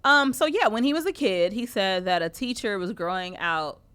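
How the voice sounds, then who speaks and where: A woman's voice: medium pitch, expressive, normal speed, a bit bright, smooth. Female radio co-host, casual and profane, tells stories between laughs, mid-range voice. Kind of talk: casual chat.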